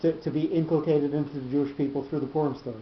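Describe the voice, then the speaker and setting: A man leads a Torah class with a slightly high voice, explaining step by step and often repeating words as he gathers his thoughts. The room is echoey, the sound is dull, and a faint rumble sits underneath. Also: steady tone, rapid-fire.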